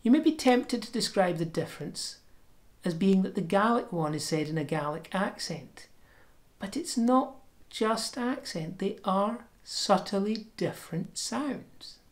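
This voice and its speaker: A woman giving a pronunciation lesson, explaining sounds step by step and demonstrating them slowly and deliberately. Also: mid-range voice, animated. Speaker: language teacher.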